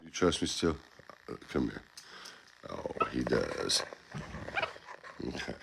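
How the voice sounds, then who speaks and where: A man with a low, gravelly voice talks playfully to his pet, coaxing and cheering it on. His voice swings up and down a lot as he encourages it. The home recording carries clear background noise. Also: very animated, slow pace. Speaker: pet monkey owner and channel host. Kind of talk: casual video narration to a pet. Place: indoor home playroom.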